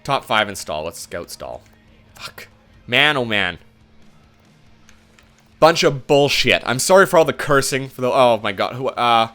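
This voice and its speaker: A man's voice: mid-range voice, animated, a little slow, long pauses, sharp tone, faint music behind. A young man giving frustrated, swearing commentary while he plays a hockey game. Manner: exasperated, swearing, ranting. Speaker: gaming video host.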